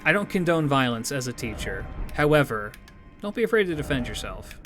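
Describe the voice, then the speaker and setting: A man's voice: medium pitch, big pitch swings, brisk, a bit bright, faint music behind. A man streamer talking casually and animatedly to his viewers, swearing freely as he rambles through opinions and sign-offs.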